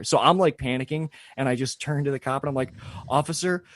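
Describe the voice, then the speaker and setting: A man's voice: mid-range voice, fairly quick, a bit bright, no echo, studio quality. A young man telling a long story in casual podcast chat, full of fillers and swearing. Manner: rambling, filler-heavy, swears freely. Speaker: podcast co-host.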